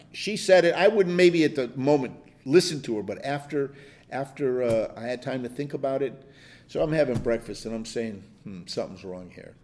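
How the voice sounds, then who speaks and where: A man's voice: medium pitch, darkish tone. An older man leading a Bible study, telling stories in a rambling, chuckling way with many restarts. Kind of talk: conversational Bible teaching.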